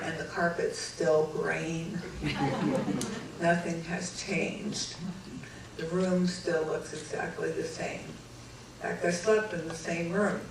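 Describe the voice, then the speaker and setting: A middle-aged woman from California tells her story to a live audience, animated and laughing as she acts out the voices of others. Her voice rings with heavy echo in a large hall, picked up from some distance, with a faint hiss underneath. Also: on the low side. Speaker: speaker telling her story. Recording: echoey hall, mic from a distance.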